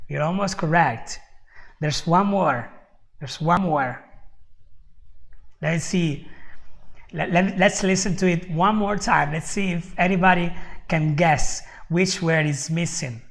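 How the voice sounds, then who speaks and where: A man's voice: on the high side, slow pace, vocal fry, long pauses, a bit bright. A man teaching a live online English lesson, explaining patiently and checking in with "okay?" after almost every point, often laughing and answering viewers by name. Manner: addresses viewers' chat comments by name.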